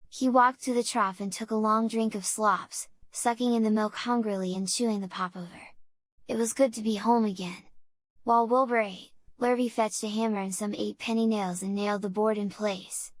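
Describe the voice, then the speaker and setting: A woman narrating a children's audiobook in a measured, unhurried way. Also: medium pitch, fairly even intonation, no echo.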